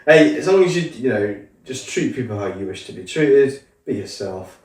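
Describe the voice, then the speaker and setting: A man's voice: mid-range voice, animated, moderate pace, darkish tone. A man from the Isle of Man hosting a podcast, talking in an easygoing, agreeable way with lots of fillers. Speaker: podcast host. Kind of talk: casual chat. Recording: echoey room, distant mic, faint noise.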